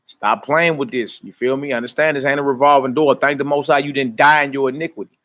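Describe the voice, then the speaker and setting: A man teaching scripture in a casual livestream sermon, talking to his viewers in relaxed street slang and greeting them by name. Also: mid-range voice, fast talker.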